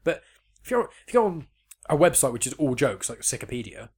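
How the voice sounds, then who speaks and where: A man's voice: medium pitch, big pitch swings, fairly quick, darkish tone, husky. A man in his twenties talking casually on a podcast, rambling with lots of restarts and swearing. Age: 20s. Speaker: podcast co-host. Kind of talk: casual chat.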